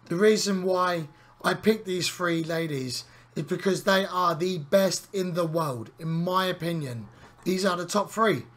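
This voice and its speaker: A man's voice: high voice, measured pace, fairly bright tone. A man adding emphatic, opinionated color commentary to a wrestling video game broadcast.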